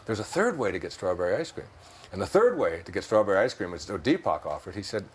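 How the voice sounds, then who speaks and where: There's slight background noise as a low-pitched man with a Detroit accent talks at a quick, sing-song pace. A self-help author and interview guest, he speaks conversationally, reflecting and telling stories with frequent laughs.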